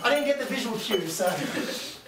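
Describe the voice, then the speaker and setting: In an echoey room with a group, a presenter gives a casual hands-on demonstration, thinking aloud in an offhand, chatty way. The voice is mid-range and expressive at a moderate pace, picked up by a distant mic with background noise.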